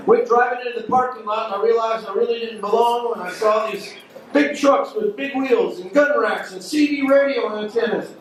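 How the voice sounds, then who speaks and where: High-voiced male comic in an echoey club. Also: moderate pace. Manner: crowd work, addressing audience members by name. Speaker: stand-up comedian. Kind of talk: stand-up comedy set. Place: comedy club stage. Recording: echoey club recording from far off, loud noise.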